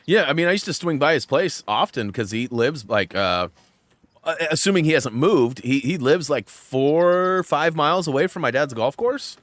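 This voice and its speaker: A man's voice: fairly high pitch, expressive, normal speed, no echo. A man hosting a gaming channel, chatting casually with a friend while playing and rambling along with many restarts. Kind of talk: casual chat while playing a video game.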